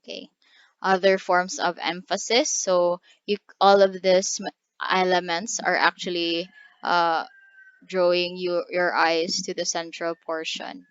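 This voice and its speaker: A woman giving a design lecture over slides, halting often with fillers and restarts. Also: on the low side, level tone, clear, resonant tone, no echo. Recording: dry, dull lo-fi recording.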